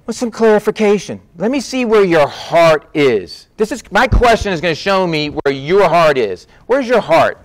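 A man preaching a sermon in a conversational, animated way, acting out the voices of people in the story. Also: fairly high pitch, normal speed, few pauses.

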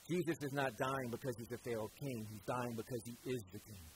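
A man preaching a sermon, pausing for effect and repeating phrases for emphasis. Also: mid-range voice, fairly even intonation, a little hiss or hum, rough recording.

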